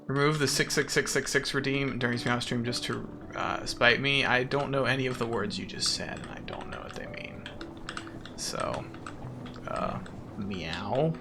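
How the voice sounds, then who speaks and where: A man's voice: mid-range voice, measured pace, over music. A man streaming a game, chatting casually and sarcastically with his chat. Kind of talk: casual chat while gaming.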